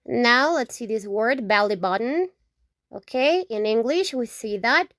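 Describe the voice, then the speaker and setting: A woman from Mexico teaching vocabulary, saying each word slowly several times and checking in with "okay?". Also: a little high, lively intonation, fairly bright tone, no room sound, clean studio sound. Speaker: Spanish teacher. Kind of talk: slow, repetitive vocabulary lesson.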